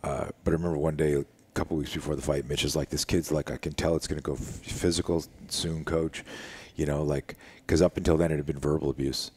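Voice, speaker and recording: A middle-aged self-defense instructor, talking casually in a living room, acts out the voices of the people in his story with animated flair. His rumbling low voice has a breathy edge, and he speaks quickly with hardly any pauses.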